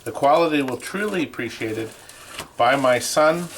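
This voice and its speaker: An upbeat man walks through arcade game restorations in a casual, joking way. His voice is of middle pitch, and a faint hiss of noise sits under it. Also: expressive, normal speed, fairly bright tone, poor audio. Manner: chatty, enthusiastic, reads aloud and jokes. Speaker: co-host of an arcade restoration show. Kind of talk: casual on-camera show and tell. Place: amusement game shop or warehouse.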